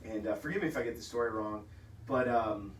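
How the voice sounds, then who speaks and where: A man's voice: mid-range voice, fast, echoey room, distant mic, a little hiss or hum, poor audio. A man co-hosting a casual food podcast, telling stories with enthusiasm and laughing easily. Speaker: podcast co-host. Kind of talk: casual chat. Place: office.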